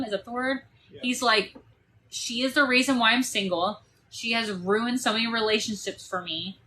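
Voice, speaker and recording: Chatty young woman, bright voice. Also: mid-range voice, slight background noise, poor audio. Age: 20s. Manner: chatty, reads out comments, laughs often. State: losing her voice. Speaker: TikTok live streamer and landlord. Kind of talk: casual live-stream chat. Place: parked RV at a state park.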